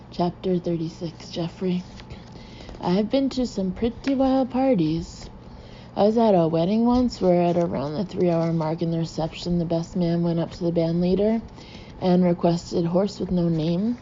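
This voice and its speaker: A woman's voice: on the low side, mellow, slight background noise. A woman reading a novel aloud in the first person, with dry, wry storytelling. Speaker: audiobook reader. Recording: muffled lo-fi recording.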